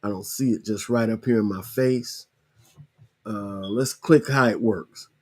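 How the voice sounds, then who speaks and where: A man hosting a podcast, casually walking viewers through a screen-share tutorial, repeating himself and spelling things out slowly. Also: fairly low pitch, darkish tone. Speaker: podcast host.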